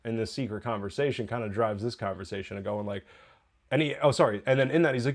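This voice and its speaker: A man's voice: lowish voice, fairly quick. A man hosting a TV review podcast, recapping an episode in a chatty, rambling way, correcting himself and laughing often. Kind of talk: casual spoken episode recap.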